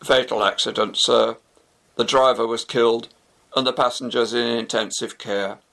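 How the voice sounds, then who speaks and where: A man voicing a formal, measured police officer on the phone. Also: medium pitch, flat delivery, vocal fry, fairly bright tone. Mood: grave.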